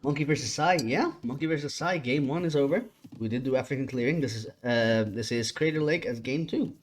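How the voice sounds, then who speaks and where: A tired man doing chatty solo commentary on a strategy game match, relaxed and casual. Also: mid-range voice, a little fast, a little hiss or hum. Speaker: esports caster.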